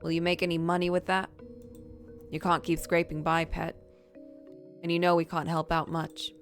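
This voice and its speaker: Woman reading as fretful older mother, nagging, doting, lowish voice, faint music behind. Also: monotone, normal speed, natural voice. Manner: gently scolding, doting. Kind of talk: reading game dialogue aloud.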